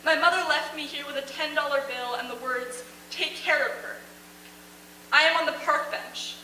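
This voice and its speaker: Taped from afar by a camera in the audience, the echoey theater recording with a faint hum captures a young woman student at a showcase reading her emotional first-person story. She reads earnestly and briskly, in a high, bright, forceful voice with a steady tone, and the mic sounds distant.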